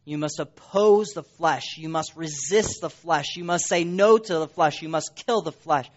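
A man preaching a sermon with emphatic repetition, his voice swinging up and dropping low for stress. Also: a little slow. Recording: dull lo-fi sound.

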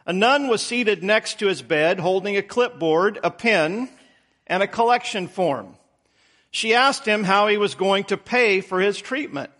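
A man who pastors a church, telling jokes and then preaching a sermon in a halting, reflective way. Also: high-pitched, a bit bright.

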